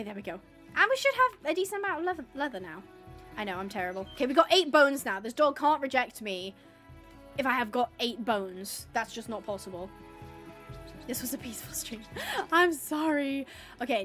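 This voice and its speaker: A woman streaming live gameplay, chatting to the viewers and the game animals and getting excited. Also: a little high. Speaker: gaming streamer.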